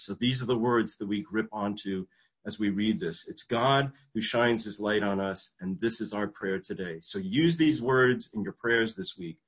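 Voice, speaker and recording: A man's voice: fairly low pitch, moderate pace, husky, highs cut off. A man preaching a sermon, earnest, often restarting and repeating words as he goes. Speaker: pastor.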